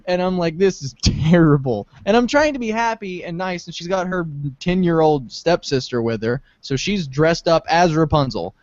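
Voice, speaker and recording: A man's voice: moderate pace, few pauses, dry recording. A young man co-hosting a podcast, telling stories animatedly and laughing often. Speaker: podcast co-host. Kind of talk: casual chat. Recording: dull low-fi sound.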